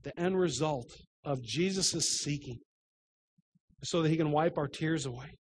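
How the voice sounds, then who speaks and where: Fairly high-voiced male pastor preaching. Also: unhurried, slight background noise. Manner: storytelling with self-deprecating humor, swings between loud and hushed. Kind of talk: sermon.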